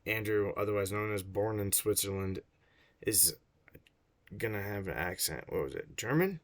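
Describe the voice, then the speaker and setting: Low-ish guy reading a book out loud, keeps stopping for dry jokes. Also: lively intonation, normal speed, creaky, long pauses. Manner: wry, digressive, laughs at his own jokes. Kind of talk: reading a book aloud with commentary.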